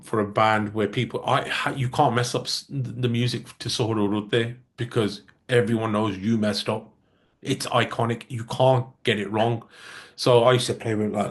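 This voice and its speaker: A man, a musician guest telling stories in a casual interview and acting out the dialogue he quotes. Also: lowish voice. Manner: lively storyteller who acts out quoted dialogue.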